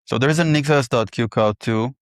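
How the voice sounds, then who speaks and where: A man in casual technical chat, pairing on code and thinking aloud with halting restarts. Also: mid-range voice, no room sound, studio quality.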